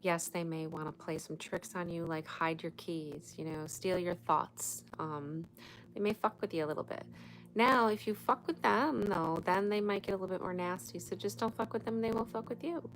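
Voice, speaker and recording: A woman's voice: lowish voice, normal speed, a little hiss or hum, rough recording. A woman hosting a casual late-night live chat, talking frankly and loosely with some swearing as she gives spiritual advice. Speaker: livestream host. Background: music playing.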